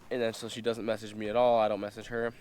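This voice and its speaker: Laid-back young man with a low voice. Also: monotone, fast, darkish tone, slight background noise. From United States. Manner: loose and profane, full of fillers, acts out quotes. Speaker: vlogger. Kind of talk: casual storytelling.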